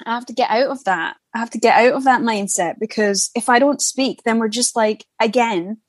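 A woman's voice: a little high, brisk, dry recording. A young woman with a Scottish accent, chatting as an actor guest in a casual interview, talkative and given to swearing. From Scotland. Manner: chatty, swears freely, laughs often. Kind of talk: casual chat.

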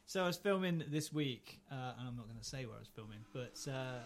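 A man's voice: mid-range voice, animated, a little fast, slight background noise. A man telling a rambling anecdote on a podcast, swearing freely and laughing as he goes. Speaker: podcast co-host. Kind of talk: casual chat, storytelling.

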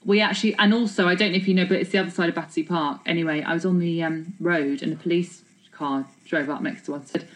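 A woman chats in a lively, self-mocking way, spinning anecdotes with a slightly low voice. Her talk rambles happily from one story to the next. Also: fast talker, poor audio. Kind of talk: casual chat.

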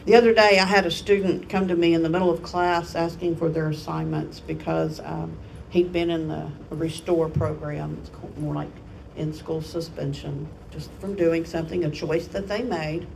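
A woman's voice: low voice, steady tone, normal speed, creaky, darkish tone, far from the mic, a little hiss or hum, poor audio. A woman family pastor giving a sermon in an earnest, self-deprecating way, laughing at herself.

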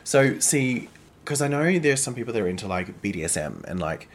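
A man in his thirties co-hosting a podcast, talking in a blunt, crude, animated way and swearing freely. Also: fairly low pitch, brisk, a little hiss or hum. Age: 30s. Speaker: podcast co-host. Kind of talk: casual chat.

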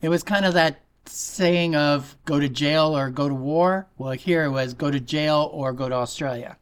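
A man's voice: a little high, moderate pace, clean tone. A man hosting a podcast about mysteries, telling stories and cracking corny jokes in a casual way. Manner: jokey, puts on a fake accent at the start. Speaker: podcast host.

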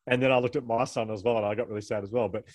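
A man's voice: mid-range voice, steady tone, very fast, a little mellow, no echo. A middle-aged man telling personal stories as an author guest, rambling, self-deprecating and laughing often. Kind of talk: candid conversational storytelling.

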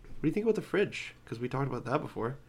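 A man's voice: mid-range voice, big pitch swings, very fast, a crowd in the background. A young man co-hosting a podcast, making blunt, dismissive quips in casual movie talk. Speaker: podcast co-host. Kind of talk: casual movie-review chat.

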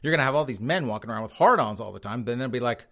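A man hosting a talk podcast and rambling through news items with crude, mocking jokes. His voice sits at an ordinary middle pitch, and his delivery stays loose and offhand. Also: lively intonation, rapid-fire, fairly bright tone. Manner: crass, mocking, rambling with frequent laughs. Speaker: podcast host. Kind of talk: casual comedic news commentary.

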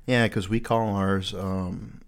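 A man's voice: sits low, steady tone, slow, creaky, clear, resonant tone. A young man on a podcast, telling crude, profane stories in casual chat with a co-host. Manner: crude, storytelling, swears often.

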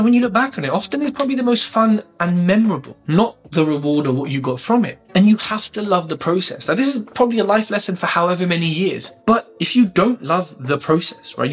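A man delivers a motivational vlog in a blunt, rambling way, with casual swearing along the way. His voice sits a little high, and faint music plays under him. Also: slightly rough. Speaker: vlogger. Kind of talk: motivational monologue.

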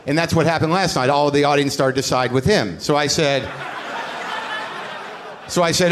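A man hosting a live podcast on stage, telling a story in an animated, profane and self-deprecating way. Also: fairly high pitch, normal speed, long pauses, slight background noise. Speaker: podcast host and comedian. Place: on stage at a live comedy show.

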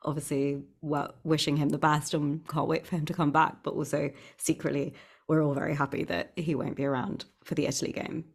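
A woman co-hosting a casual sports podcast, chatty and quick to laugh. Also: sits low, little pitch movement, vocal fry, slightly rough. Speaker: podcast co-host.

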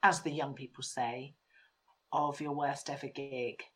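A woman's voice: extremely low pitch, fairly even intonation, unhurried, slight background noise. A woman co-hosting a casual chat, playful and rambling, laughing at herself. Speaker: podcast co-host.

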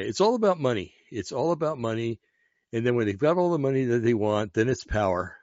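A man's voice: on the low side, a little mellow, no echo. A man reading news articles aloud and adding casual, sarcastic commentary with frequent fillers. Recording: dull, dry lo-fi home mic.

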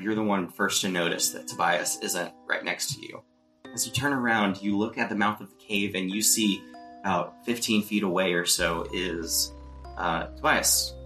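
A man narrating a tabletop role-playing game as game master, in a descriptive, measured storytelling style. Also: fairly low pitch, sharp tone.

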